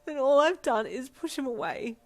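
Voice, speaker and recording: A woman voices a weary young woman in a second-person fanfiction audiobook, downcast and mumbling. The voice is low-pitched and plain. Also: expressive, fast talker. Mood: wailing.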